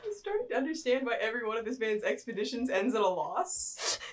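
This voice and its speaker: A woman's voice: on the high side, very animated, fast talker, recorded from a distance, background noise. A woman player at a tabletop game making wry, laughing remarks.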